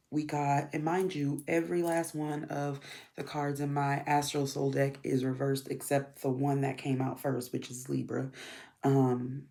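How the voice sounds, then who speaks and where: A congested, stuffy-sounding woman talks through a casual card reading and rambles with plenty of ums. Her voice stays flat in pitch and has a gravelly, fry-heavy edge. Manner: rambling with frequent ums, talks while shuffling cards. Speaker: tarot and astrology reader.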